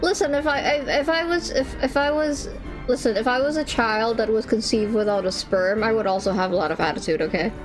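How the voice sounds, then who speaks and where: A woman's voice: a little high, brisk, over music. A woman streamer chatting casually with her viewers, giggly and swearing freely. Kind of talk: casual livestream chat.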